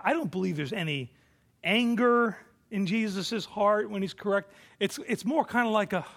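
A male pastor preaching a sermon, moving between hushed reflection and forceful declarations. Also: high voice, normal speed, vocal fry.

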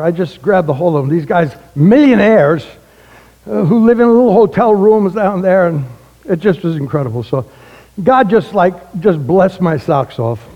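A man, a retired pastor telling a personal testimony, animated and acting out the dialogue in his story. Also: high voice, highs cut off. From the Bronx, New York. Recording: echoey hall.

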